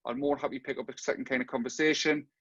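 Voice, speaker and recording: A man with a Geordie accent rattles through a software pitch at speed, leaning on "kind of" and "on there". His voice sits at a middling pitch. The audio is dry and a little dull, like a lo-fi video call. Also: steady tone, slightly rough, no room sound. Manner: rapid, filler-laden pitch with "kind of". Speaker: software company presenter. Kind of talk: webinar product presentation.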